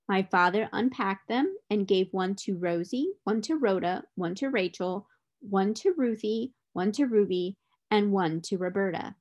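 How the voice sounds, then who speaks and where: A woman's voice: mid-range voice, a little slow, darkish tone, lo-fi sound. Woman reading a storybook aloud.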